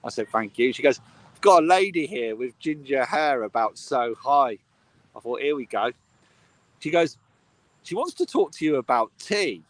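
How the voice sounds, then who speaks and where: A man's voice: medium pitch, animated, moderate pace, slight background noise. A man, a medium, telling a funny family story in casual chat on a live video call. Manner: chatty, laughs at his own stories. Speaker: medium, co-host.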